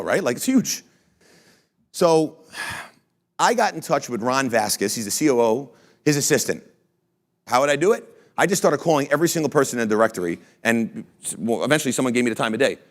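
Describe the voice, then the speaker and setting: Man, founder type, quick and punchy motivational storyteller, mid-range voice, talks straight to the crowd. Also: medium pitch. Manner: energetic, blunt, swears casually. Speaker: company founder and CEO speaking to an audience. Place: room with a live audience.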